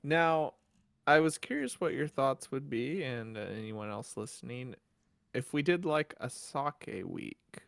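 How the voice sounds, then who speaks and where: Halting man co-hosting a podcast. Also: mid-range voice, expressive, vocal fry, fairly bright tone, no room sound, clean studio sound. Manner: halting, restarts often, laughs easily. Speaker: podcast co-host. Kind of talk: casual chat.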